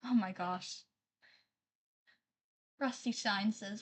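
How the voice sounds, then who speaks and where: A woman's voice: mid-range voice, takes it slowly, long pauses. A woman live-streaming, chatting casually with her viewers, apologizing often and reading their messages aloud.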